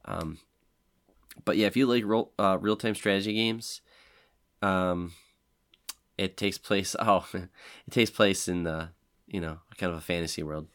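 Man, very low voice, podcast co-host, rambling casual chat, lots of fillers. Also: steady tone, a little slow, long pauses, a bit bright, clean tone.

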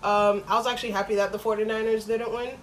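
A young adult woman co-hosting a podcast, telling a story in casual slang with lots of swearing and animated quoting. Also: medium pitch, fast talker, slight background noise, low-quality recording. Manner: slangy, profane, animated retelling. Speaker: podcast co-host.

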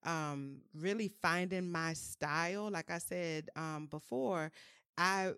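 A candid woman from New with a lowish voice. She talks as a podcast guest in a frank, reflective manner with colloquial phrasing. The sound is dry and close. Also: slow pace, fairly bright tone, clean tone, dry recording. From New Orleans, US. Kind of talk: candid conversational storytelling.

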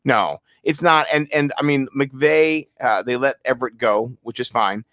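Male podcast co-host, mid-range voice, rambling and excitable, reads sponsor plugs in a dry booth. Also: mid-range voice, a little slow, dry recording. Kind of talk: casual sports podcast chat.

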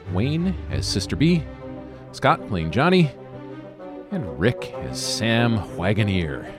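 A man playing in a tabletop horror game, thinking aloud about his character with many pauses and ums. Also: on the low side. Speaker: player.

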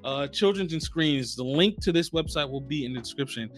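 A man with a slightly raised voice tells stories in loose slang and gets worked up as he goes. He co-hosts a relaxed podcast chat. Faint music plays under him. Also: fairly high pitch, fairly quick. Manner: animated storytelling, slangy. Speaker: podcast co-host. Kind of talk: casual chat.

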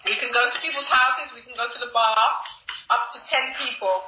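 A woman co-hosting a casual podcast, easygoing and a little teasing. Her voice is high and very sharp. She sits in a roomy, echoey space with a light hiss of noise. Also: a little fast. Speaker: podcast co-host.

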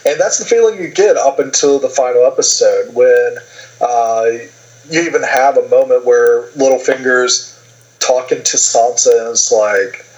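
A man's voice: mid-range voice, moderate pace, poor audio. Rambling man recapping a TV season. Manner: rambling, many fillers, lively retelling with put-on quotes. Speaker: podcast co-host. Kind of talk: casual TV recap chat.

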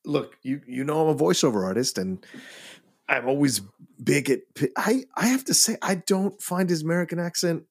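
A man's voice: on the high side, expressive, moderate pace, breathy edge. A man co-hosting a film podcast and working as a voiceover artist, giving emphatic opinions in casual talk. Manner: laughs often, emphatic opinions.

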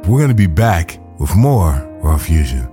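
Male podcast host, very deep, mellow, lively intonation. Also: unhurried, faint music behind. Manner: calm, affirming interviewer. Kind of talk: interview hosting.

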